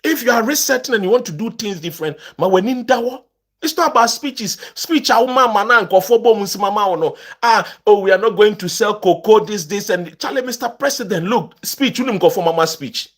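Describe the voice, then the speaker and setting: A Ghanaian political commentator rants to his online audience on camera, impassioned and emphatic, switching between English and Twi. His high voice is brisk and fairly bright, with lively intonation.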